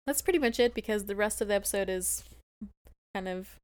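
A woman's voice: medium pitch, no room sound. A woman co-hosting a podcast, chatting casually and giggling often as she recaps a TV episode. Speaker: podcast co-host.

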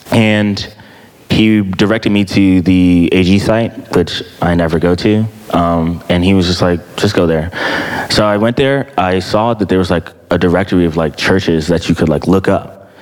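A young man casually sharing his church testimony, animated, full of fillers and acted-out quotes. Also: in a large hall. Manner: animated storytelling, acts out quotes in a high voice, many fillers. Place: church hall.

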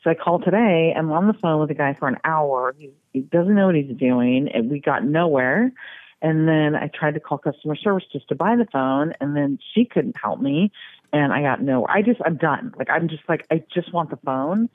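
A woman's voice: low voice, animated, moderate pace, no room sound. Exasperated woman on a tinny phone line. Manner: rambling, exasperated retelling. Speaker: prank call target. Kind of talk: phone complaint.

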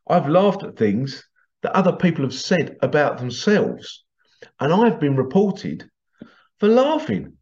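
A man's voice: fairly high pitch, wildly swooping pitch, measured pace, a little mellow. A middle-aged man chatting straight to his viewers in a loose, rambling way, forever on the edge of laughing at his own stories. The sound is slightly dull and lo-fi. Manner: giggly, keeps breaking into laughter while telling stories. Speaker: vlogger. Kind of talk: casual monologue to camera.

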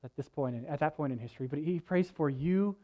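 A man's voice: a little high, fast. A man preaching a sermon, earnest and conversational, with folksy asides. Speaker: pastor. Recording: slightly dull, lo-fi sound.

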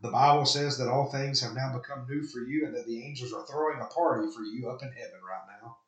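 A man's voice: mid-range voice, brisk, fairly bright tone, reverberant, poor audio. A man preaching a sermon, earnestly reading quoted lines aloud and then rebutting them. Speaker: pastor. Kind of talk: sermon critiquing an article.

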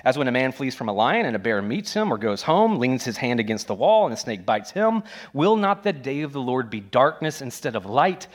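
Guy pastor preaching, animated, acts out bits, medium pitch voice. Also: a little fast, hardly any pauses. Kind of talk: sermon.

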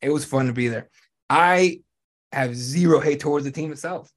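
A guy hosting a podcast rants about sports in loose, casual conversation, blunt and freely profane. His voice sits a little higher than most men's, and he speaks at a normal speed with animated energy.

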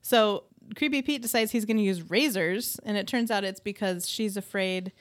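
A woman's voice: medium pitch, moderate pace. A woman co-hosting a podcast, chatting casually about an episode and quoting her own reactions. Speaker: podcast co-host. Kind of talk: casual chat recapping an episode.

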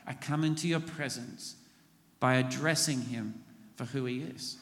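A man's voice: medium pitch, unhurried, a bit bright. Guy preaching in church, earnest, gets the crowd to repeat prayer lines, big echoey hall. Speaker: pastor. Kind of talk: sermon. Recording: long hall reverb.

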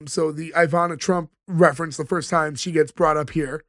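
A man's voice: fairly high pitch, fairly even intonation, normal speed, fairly bright tone, no echo, clean studio sound. A man co-hosting a podcast in casual chat, retelling scenes and acting out quoted lines. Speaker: podcast co-host.

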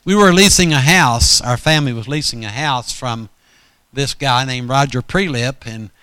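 A man's voice: mid-range voice, normal speed, pushed and bright, clean tone, no room sound. A man preaching a storytelling sermon in a folksy, rambling way, often correcting himself mid-sentence.

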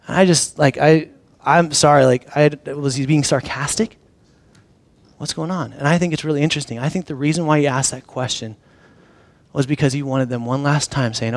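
A man preaching a sermon in a casual, animated storytelling way, sometimes dropping to a soft, intimate low voice. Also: a little fast, no room sound. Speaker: pastor.

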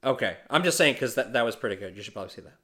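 A man co-hosting a casual podcast, telling stories in an animated, heavily profane way. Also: mid-range voice, racing. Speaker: podcast co-host.

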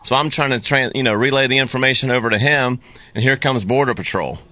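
Bright-voiced man telling fishing stories. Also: mid-range voice, fast talker, no room sound, dull audio. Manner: rambling, laid-back storytelling with many fillers. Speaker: guest, fishing video creator. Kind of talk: casual interview chat.

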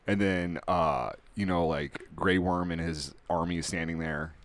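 A man co-hosting a podcast in casual, laid-back chat with quick agreeing replies. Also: low-pitched, steady tone, dry recording. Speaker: podcast co-host.

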